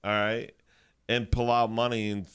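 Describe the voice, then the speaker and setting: A man co-hosting a morning radio show, bantering in an animated, incredulous way. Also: lowish voice, measured pace, smooth. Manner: animated, incredulous, laughs often. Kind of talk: casual banter.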